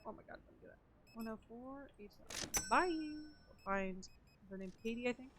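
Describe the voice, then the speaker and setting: A young woman streams a game, chatting casually with her viewers and muttering counts and item names as she plays. Her fairly high voice has lively intonation at a moderate pace, with background noise present.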